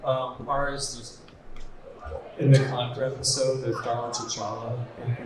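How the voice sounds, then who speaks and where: Animated man telling stories in an echoey hall. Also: mid-range voice. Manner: animated, laughing storyteller who acts out quotes. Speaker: animation director on a panel. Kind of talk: casual convention panel talk. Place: large convention hall. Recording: echoey hall from far off with noise.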